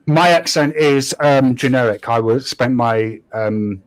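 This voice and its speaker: A man's voice: mid-range voice, measured pace, no room sound, rough recording. Blunt English man, dry close sound. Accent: English, faintly London. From England. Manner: blunt, argumentative, swears freely. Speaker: host. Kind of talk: casual chat.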